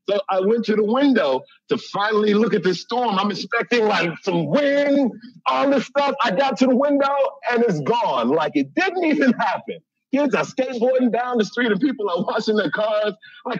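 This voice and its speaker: A man from Chicago tells a humorous story with lots of laughter, slipping into little acted-out voices. His voice sits high and husky. The sound is muffled and dry, close and dead. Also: moderate pace, no echo. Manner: animated, laughs often, acts out voices.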